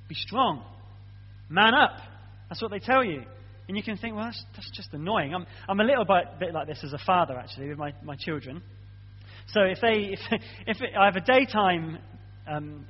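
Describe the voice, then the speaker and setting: A man preaches with a high voice and an earnest, conversational delivery, often checking in with his listeners. The sound is muffled, and a long reverb hangs behind him as if in a large hall. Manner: earnest, conversational, frequent "okay?" check-ins. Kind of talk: sermon.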